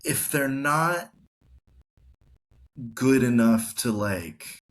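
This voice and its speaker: A man co-hosts a casual podcast in a voice of ordinary pitch. He rambles through his points and says "like" often. His tone stays loose and chatty. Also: expressive, extremely slow. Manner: rambling, heavy use of "like". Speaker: podcast co-host. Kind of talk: casual hockey podcast chat.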